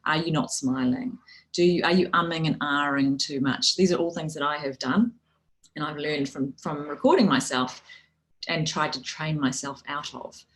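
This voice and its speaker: A woman with a New Zealand accent and a low voice coaches listeners on public speaking at a moderate pace. Her advice is practical and friendly, though she often restarts phrases and adds "you know." The audio quality is poor.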